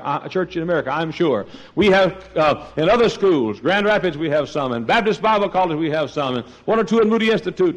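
An older man from East Texas preaching with a folksy storytelling manner. His voice sits fairly high and swoops widely, dropping to near-mutters and then climbing into ringing, high-pitched cries. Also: muffled recording. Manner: folksy storytelling preacher, swings from quiet asides to loud high exclamations. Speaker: pastor. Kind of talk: sermon.

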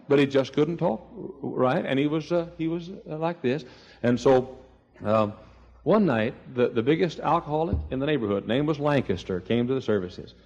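A man's voice: a little high, vocal fry, darkish tone, big-room sound, muffled recording. A man preaching a sermon, telling stories and acting out voices, with many restarts. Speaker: pastor. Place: church sanctuary.

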